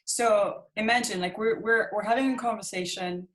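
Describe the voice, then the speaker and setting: A woman's voice: mid-range voice, moderate pace. Laughing woman musician, casual chat. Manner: laughs often, hesitant fillers. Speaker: musician guest.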